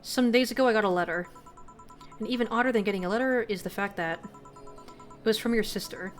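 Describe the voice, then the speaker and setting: A jaded bartender who swears freely and sounds worn out by old grief, read out by a woman. The voice sits at a middle pitch and stays plain and unforced, with faint music underneath. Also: brisk, lightly acted. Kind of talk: reading game dialogue aloud.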